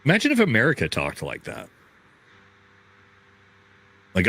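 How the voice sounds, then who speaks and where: A man's voice: mid-range voice, big pitch swings, normal speed, a bit bright. A man giving political commentary on a clip, ranting with profanity and disbelief.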